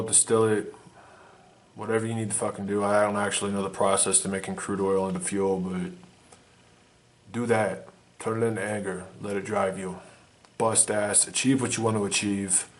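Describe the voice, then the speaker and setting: Intense, profane man with a low voice. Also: little pitch movement, normal speed, long pauses. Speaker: vlogger. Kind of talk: blunt motivational monologue.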